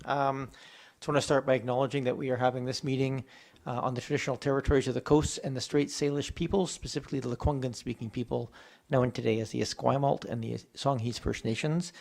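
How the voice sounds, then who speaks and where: A man chairing a council meeting as its mayor. His pitch sits in the middle range for a man. He talks in a measured, procedural way with small hesitations, recorded in a council chamber. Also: level tone, gravelly, a little mellow.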